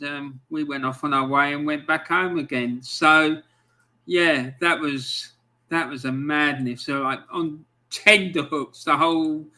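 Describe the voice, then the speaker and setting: A man's voice: a little high, bright, forceful tone. A middle-aged man hosting a podcast, telling a story casually and rambling with many ums. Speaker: podcast host. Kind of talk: casual storytelling to a live stream.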